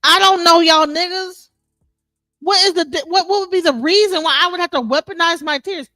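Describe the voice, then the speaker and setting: A woman's voice: very high-pitched, fairly quick, bright, forceful tone, no echo, soft background music. A woman on an online panel, indignant and insulting, often restarting her sentences. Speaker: panel participant. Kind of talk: heated online debate. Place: online audio space.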